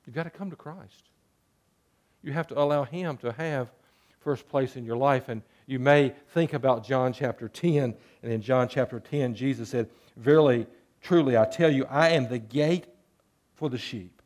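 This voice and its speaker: A man's voice: medium pitch, normal speed, a little mellow. A man preaching a sermon, moving between earnest scripture reading and playful jokes with sheep bleats. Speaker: pastor.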